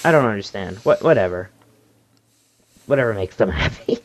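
A man's voice: on the low side, animated, moderate pace. A man co-hosting a casual gaming news podcast, laughing often and reading listener comments aloud. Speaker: podcast co-host. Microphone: headphones and desk mic.

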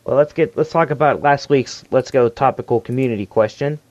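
A man's voice: mid-range voice, fairly quick, a little mellow, dry recording, lo-fi sound. Laughing man co-hosting a gaming podcast. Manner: laughs often, reads listener comments aloud. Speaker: podcast co-host. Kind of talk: casual gaming news chat. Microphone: headphones and desk mic.

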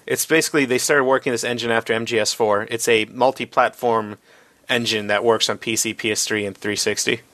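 A man co-hosting a casual gaming podcast, reading out news items with a halting delivery and many fillers. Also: medium pitch, steady tone, a bit bright, dry recording.

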